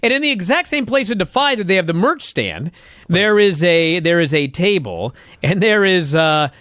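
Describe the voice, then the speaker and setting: High-pitched, profane male co-host, dry sound. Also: expressive, moderate pace, fairly bright tone, no room sound. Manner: profane, exasperated storytelling. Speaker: podcast co-host. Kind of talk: casual recap chat.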